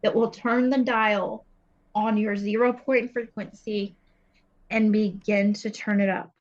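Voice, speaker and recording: A woman's voice: medium pitch, steady tone, unhurried, muffled recording. A woman spiritual coach giving an earnest, intense, confessional teaching monologue, blunt and unafraid to swear.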